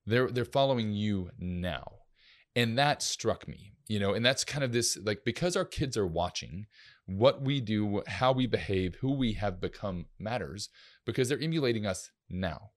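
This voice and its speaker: A middle-aged youth minister hosts a casual, faith-based podcast about parenting, rambling in a relaxed way with lots of fillers. His voice is lowish and his speed normal.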